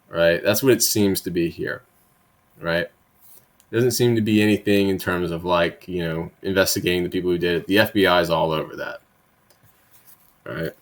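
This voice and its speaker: A low-pitched man hosting political commentary reads out bill text and follows it with blunt, profane, sarcastic riffs. Tag questions like "right?" and conversational asides run throughout.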